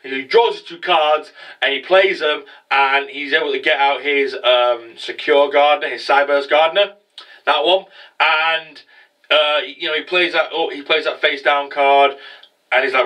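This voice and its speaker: Bright-voiced man, rambling and swearing. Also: fairly high pitch, moderate pace, far from the mic, poor audio. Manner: rambling, profane, many fillers. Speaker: anime reviewer. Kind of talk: casual episode recap.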